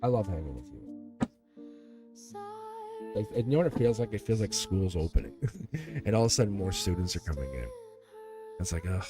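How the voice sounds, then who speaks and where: A man's voice: sits low, very animated, normal speed, long pauses. A man giving a live-stream tarot reading in a chatty, teasing way, often laughing. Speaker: tarot reader. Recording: music playing behind the voice. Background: background music.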